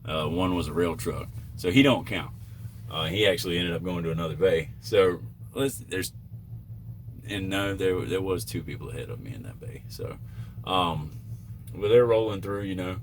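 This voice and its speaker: A man's voice: deep voice, normal speed, a little hiss or hum. A man who drives trucks, telling a story in a casual vlog, rambling with fillers and self-corrections.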